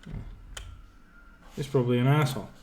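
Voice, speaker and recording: A game streamer thinks aloud in casual, swear-heavy commentary. His voice sits at an ordinary middle pitch, and a faint hiss runs underneath. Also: brisk, darkish tone.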